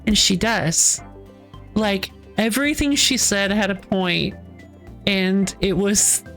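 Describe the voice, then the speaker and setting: A woman's voice: medium pitch, takes it slowly, a bit bright, soft background music. A woman streamer chatting casually while playing, ranting with frequent laughs and sighs. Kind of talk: casual game stream chat.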